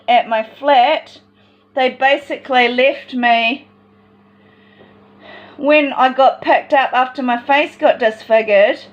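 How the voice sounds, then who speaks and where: A woman's voice: high-pitched, dull audio. A woman in a personal vlog monologue, talking in an agitated, rambling and distressed way.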